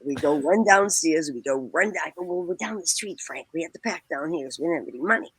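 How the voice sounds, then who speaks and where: A woman, telling a lively story as a podcast guest and acting out the voices in it. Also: low voice, quick pace, breathy edge, dry recording, rough recording. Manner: acts out quoted voices, laughs often. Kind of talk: animated anecdote telling.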